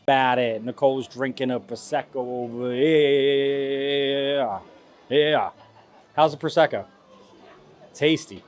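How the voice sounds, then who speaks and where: A man's voice: mid-range voice, slow pace, long pauses. A young man hosting a casual food review vlog outdoors at a festival, complaining in a playful, dramatic way. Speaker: vlog host. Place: outdoors at a theme park festival.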